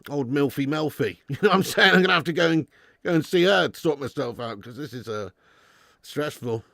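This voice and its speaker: A chatty man with a fairly high voice hosting a live football stream. He reads out donations and banters with his viewers, laughing often. The sound is dry and close, with no room echo. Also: lively intonation, fairly quick, vocal fry, a bit bright.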